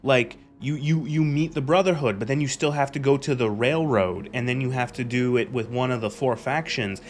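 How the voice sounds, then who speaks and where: Male streamer, mid-pitch, ranting and swearing through gameplay commentary, loose and rambling. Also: moderate pace. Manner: ranting, profane, rambling with restarts. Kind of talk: casual live gameplay commentary.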